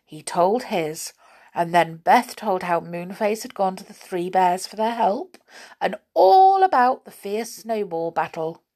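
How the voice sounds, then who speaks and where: A woman reading a children's story aloud in an expressive way, pausing to chat with her young listeners. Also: medium pitch.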